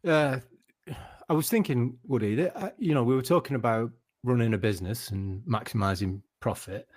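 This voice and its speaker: A man hosting a casual football podcast, wry and halting with many restarts. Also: mid-range voice, darkish tone, no echo, clean studio sound. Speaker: podcast host.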